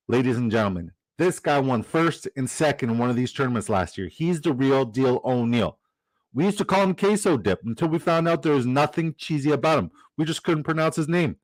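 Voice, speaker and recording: A man's voice: mid-range voice, lively intonation, a little fast, dry recording, poor audio. A man hosting a fantasy football livestream, chatting casually, joking and reading out the chat. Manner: upbeat, jokey, reads chat aloud.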